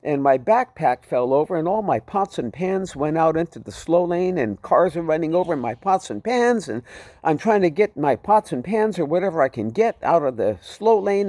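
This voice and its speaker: A man's voice: on the high side, sing-song, normal speed, a little mellow, no echo, clean studio sound. A man telling his personal testimony in a vivid, dramatic way. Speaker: storyteller giving his testimony.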